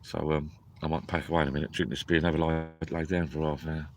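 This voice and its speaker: A man's voice: very deep voice, level tone, fast. A tired man, chatting rambly and drowsily on a live stream from inside a small tent at a lake at night. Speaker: fishing vlogger. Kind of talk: casual live-stream chat.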